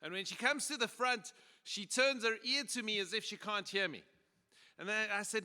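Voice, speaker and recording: Bright South African man, joking speaker. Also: high voice, normal speed, smooth. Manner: joking, conversational, many fillers and restarts. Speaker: pastor and conference speaker. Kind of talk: conference talk. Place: large conference hall. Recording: echoey hall PA.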